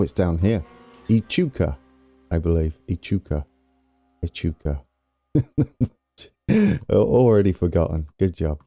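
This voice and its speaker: Low, mellow-voiced man narrating gameplay. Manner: chatty, self-mocking, thinking aloud while playing. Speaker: let's play host. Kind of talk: casual gameplay commentary.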